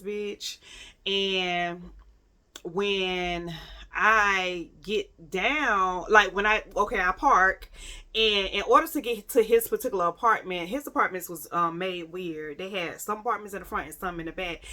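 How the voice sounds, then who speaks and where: Bright-voiced woman telling a profane story. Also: mid-range voice. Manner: profane, animated, repeats phrases for emphasis; addresses listeners directly, dramatic pauses. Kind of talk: casual storytime monologue to viewers.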